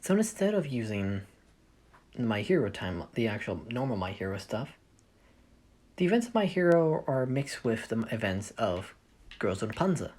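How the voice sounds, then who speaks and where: Very low-voiced woman rambling through a story. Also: very animated, normal speed, a little mellow. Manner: rambling, self-correcting, thinking aloud. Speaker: fanfiction storyteller. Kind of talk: casual story explanation.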